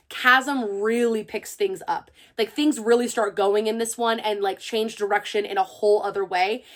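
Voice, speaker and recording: A young woman who hosts a book channel, chatting casually and excitedly to her viewers. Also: on the high side. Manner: gushing and chatty, full of fillers. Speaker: book reviewer and channel host. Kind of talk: casual chat to camera.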